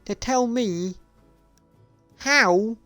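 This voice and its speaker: A man's voice: very high voice, drawn-out words, sharp tone, no echo, faint music behind. A man streaming live, ranting in a sarcastic, profane and repetitive way. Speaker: gaming streamer. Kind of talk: casual live-stream rant.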